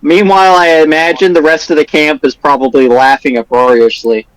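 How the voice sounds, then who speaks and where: A man's voice: fairly high pitch, fairly even intonation, fairly quick, smooth, low-quality recording. A man playing a tabletop game over a voice call, describing his character's actions in a matter-of-fact way. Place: home, online voice call.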